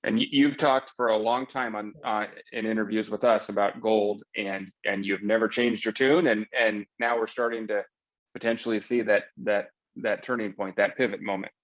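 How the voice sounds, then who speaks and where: A man's voice: on the low side, fairly even intonation, moderate pace, highs cut off. A man hosting an interview, affirming his guest in casual conversation. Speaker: interview host.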